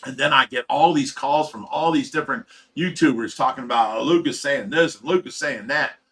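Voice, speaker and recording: A man's voice: medium pitch, fairly quick, fairly bright tone. Heated, foul-mouthed man telling a story. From Ohio. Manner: profane, heated, rambling. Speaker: livestream host. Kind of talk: casual storytelling rant.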